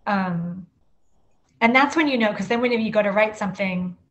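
A woman author speaking as a guest in a casual interview. She talks in a loose, chatty way, full of fillers and quick restarts. Her voice sits at an ordinary middle pitch. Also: lo-fi sound.

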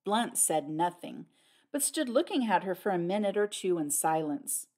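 Woman narrating with lively expression. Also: on the low side, normal speed. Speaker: audiobook narrator. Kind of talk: scripted audiobook narration.

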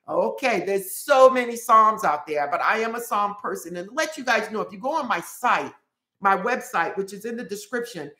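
A woman's voice: mid-range voice, pushed and bright. A woman hosting a casual live stream, reading viewer comments aloud and repeating greetings in a chatty way. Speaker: livestream host. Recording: roomy echoey room.

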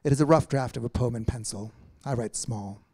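A man's voice: medium pitch, fairly quick, dark tone, close to an everyday voice. A man reading aloud and voicing a weary male poet who answers with dry, facetious understatement. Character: wry, weary male poet, gently ironic.

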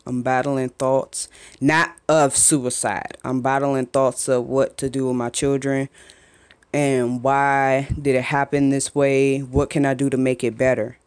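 A young woman vlogging as a mother at home, talking candidly and emotionally with halting restarts, into a phone camera. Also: a bass voice, level tone, darkish tone, clean tone. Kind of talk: emotional personal vlog. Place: home, just after a shower.

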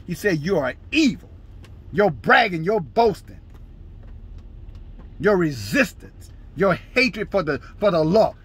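A man preaching a fiery, scolding sermon, shouting scripture in bursts at his listeners. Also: high voice, big pitch swings, takes it slowly, pauses often, husky. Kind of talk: fiery street-style sermon.

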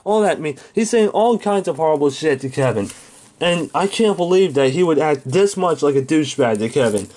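Guy angrily ranting about a cartoon episode, swearing a lot, kinda high voice. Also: lively intonation, fairly quick, a little mellow. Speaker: show reviewer. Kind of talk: angry video review rant.

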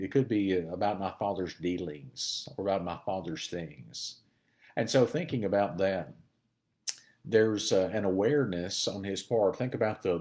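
A man with a deep, low voice teaches through a Bible passage in a relaxed, conversational sermon style. He pauses often and thinks aloud as he explains the verses.

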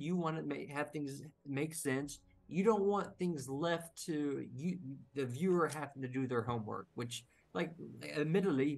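A man's voice: fairly high pitch, vocal fry. A man co-hosting a casual pop-culture debate, explaining his views thoughtfully and with many fillers. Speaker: podcast co-host.

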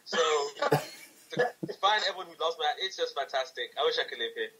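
A man in his twenties from London, England, with a London English accent and a slightly high voice, is a guest in a casual interview. He tells stories animatedly and laughs readily, with a crowd audible behind him on a rough recording.

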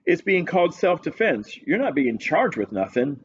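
A man's voice: a little high, big pitch swings, normal speed, slightly rough, muffled recording, voice pushed up. A man reading, voicing a chubby, indifferent male police sergeant who talks in a folksy, ungrammatical way. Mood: offhand.

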